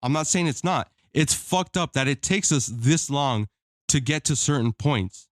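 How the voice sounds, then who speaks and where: A man's voice: a little high, expressive, a little slow, no echo, clean studio sound. A man co-hosting a podcast, pushing back insistently in a heated casual debate and swearing freely. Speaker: podcast co-host.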